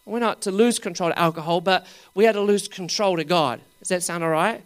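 Preacher, sermon, humorous, laughs often, rhetorical questions, loud and soft swings. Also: mid-range voice, fairly quick. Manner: swings between loud exclaiming and dropping to quiet asides.

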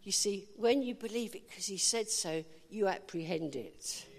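A woman's voice: medium pitch, animated, normal speed, gravelly. A woman preaching an informal sermon, chatty and humorous, with emphatic declarations. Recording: hall reverb.

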